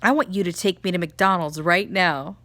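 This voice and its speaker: A woman imitating her teenage daughter, who whines and demands in a high voice. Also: moderate pace, fairly bright tone, no room sound, natural voice. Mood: whiny. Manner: whining, sulky.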